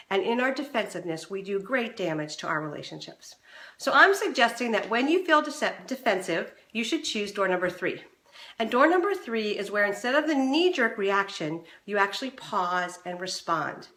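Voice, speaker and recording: Talking directly to the viewer, a middle-aged woman hosts a relationship advice show as its coach. She speaks at a moderate pace in a reverberant room and animatedly performs the voices she quotes, swinging her pitch widely.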